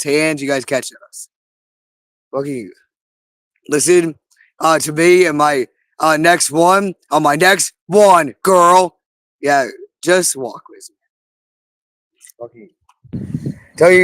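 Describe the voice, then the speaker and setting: A man speaks in an agitated, rambling monologue, full of profanity and repeated phrases. His voice sits a little high for a man. The sound is dry and close, with no room echo. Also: a bit bright.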